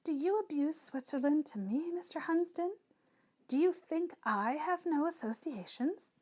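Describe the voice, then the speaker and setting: Woman voices a quietly defiant young Swiss woman in a storybook reading; soft and earnest. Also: high voice, animated, measured pace, voice pushed up.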